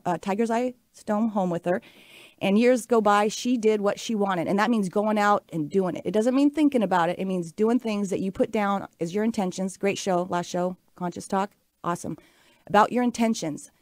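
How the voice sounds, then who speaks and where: A woman's voice: medium pitch, no echo. A woman in her late forties hosting a radio talk show, telling a personal story in an upbeat, earnest, chatty way. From Pacific Northwest US. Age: 40s. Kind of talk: casual radio monologue. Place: radio studio.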